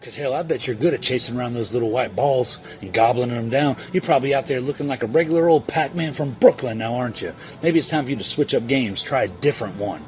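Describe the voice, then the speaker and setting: A man at an everyday middle pitch cuts a wrestling promo, boasting and taunting his rival with a steady stream of insults. Music sits faintly underneath his voice. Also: fast, hardly any pauses. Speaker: online wrestling league competitor. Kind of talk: trash-talking wrestling promo.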